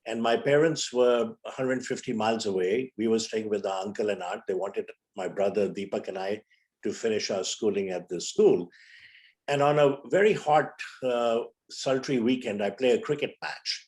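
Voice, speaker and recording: Older man telling a vivid story, low voice. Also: normal speed, a little mellow. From India. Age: 70s. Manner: vivid storyteller who acts out quoted dialogue. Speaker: physician, interview guest. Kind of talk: storytelling in a conversational interview.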